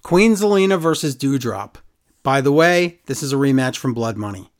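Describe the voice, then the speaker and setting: A man's voice: mid-range voice, animated, normal speed. A man co-hosting a casual wrestling recap chat, sarcastic and exasperated. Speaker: podcast co-host.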